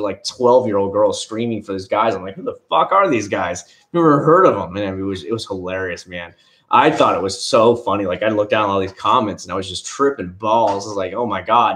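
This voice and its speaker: A middle-aged man casually chatting on a live stream, rambling from story to story, greeting viewers by name and swearing freely. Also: medium pitch. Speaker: car vlogger reading live chat.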